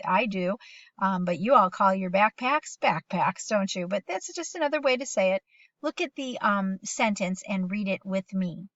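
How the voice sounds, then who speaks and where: A middle-aged woman leads a phonics lesson for young children, patient and encouraging as she sounds out words and reads sentences slowly with them. Her voice sits at an ordinary pitch. The recording is dry and a little dull, made at home. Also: a bit bright, no echo. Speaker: teacher.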